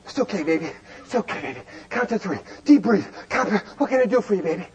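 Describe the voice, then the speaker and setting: A gentle, hushed husband trying to comfort his partner, as a man puts him on. He talks softly and soothingly, in a low murmur. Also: animated, quick pace, recorded from a distance, lo-fi sound. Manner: soft, soothing.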